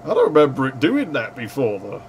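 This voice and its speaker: A man casually commenting while streaming a retro game, swearing freely and yelling at the screen now and then. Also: mid-range voice, wildly swooping pitch, fairly quick, slight background noise.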